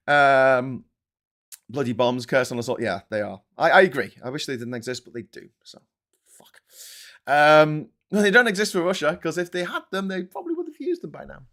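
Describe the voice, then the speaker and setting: A man's voice: a little high, expressive, normal speed, a bit bright. A man in his forties with a Scouse accent, hosting a casual live-stream and ranting with heavy swearing. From Liverpool, England. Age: 40s. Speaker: host.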